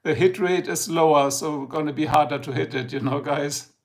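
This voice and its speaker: A middle-aged man, native to German and accented accordingly, hosts a laid-back livestream at normal speed. His fairly high voice holds a steady tone with vocal fry as he rambles, jokes, and names viewers in chat.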